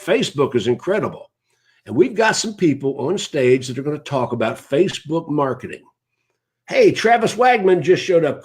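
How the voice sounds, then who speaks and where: A man's voice: on the high side, breathy edge. A man, hosting a live broadcast in a casual, rambling way and greeting viewers by name as he goes.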